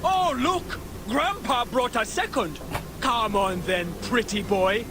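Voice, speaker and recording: An actor playing a scornful arena fighter taunting a newcomer, heard in game audio. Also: male voice, extremely high pitch, slow, noisy background.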